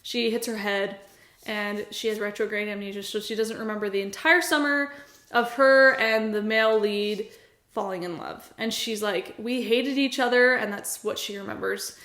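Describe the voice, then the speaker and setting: A woman's voice: mid-range voice, steady tone, moderate pace, pushed and bright. A young woman talking casually and earnestly about her favorite books, gushing and laughing as she chats. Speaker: book vlogger. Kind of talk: casual book review chat. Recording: echoey room.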